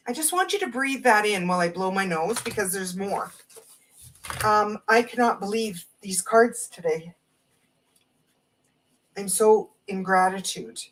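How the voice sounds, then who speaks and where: A woman hosting a live spiritual stream, gently reading oracle card messages aloud and reflecting on them. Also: medium pitch, expressive, measured pace, pauses often. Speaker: host reading oracle cards. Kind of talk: slow spiritual live talk. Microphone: phone or webcam on a live stream. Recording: distant from the mic.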